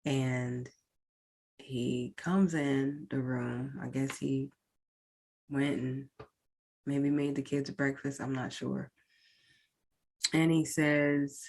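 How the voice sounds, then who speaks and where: A woman's voice: very deep voice, steady tone, slow pace, long pauses, a little mellow. A woman podcast host recounting a painful personal experience in a candid, emotional way, speaking directly to her listeners. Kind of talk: personal storytelling.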